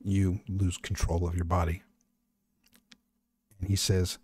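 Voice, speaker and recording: A man running a horror tabletop game as game master, narrating in a calm, measured way. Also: sits low, breathy edge, no room sound.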